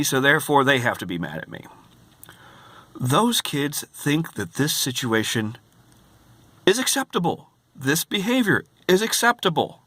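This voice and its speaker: An exasperated man rants to his camera, punching his words with emphasis and repeating himself. His voice is bright and lively, swinging up and down in pitch. The sound is dry and close. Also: no room sound. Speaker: vlogger and hotel night clerk. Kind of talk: ranting vlog.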